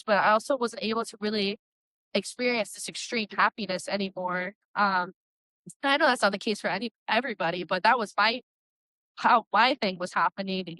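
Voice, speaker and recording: A young woman tells her story in a candid, earnest way, wandering through thoughts with lots of likes and you-knows. Her voice sits at a middle pitch. The recording is close and dry. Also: fairly bright tone, dry recording, poor audio. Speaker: guest, Christian metal singer. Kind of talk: candid personal testimony.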